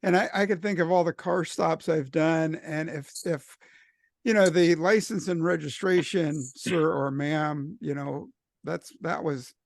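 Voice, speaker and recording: A man hosts a podcast interview, a former officer himself, asking relaxed and somewhat halting questions. His voice is a touch high and carries a gravelly fry. The recording is dry with no room echo. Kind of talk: casual interview chat.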